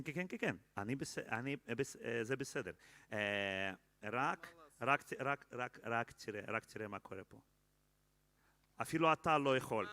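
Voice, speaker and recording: A man's voice: medium pitch, bright, forceful tone, no echo. Israeli man leading a prayer. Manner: halting with many fillers, joking asides to the crowd. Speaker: leader of a candle-lighting prayer. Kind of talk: prayer and remarks at a live celebration.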